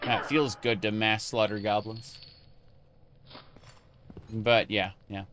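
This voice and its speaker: A man's voice: on the low side, level tone, takes it slowly, noisy background. A man chatting casually with his live-stream chat while playing a game, rambling with many fillers and restarts.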